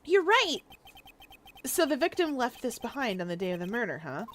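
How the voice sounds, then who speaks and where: A woman's voice: fairly high pitch, very animated, moderate pace, fairly bright tone, slight background noise. A woman reading as a perky young sidekick.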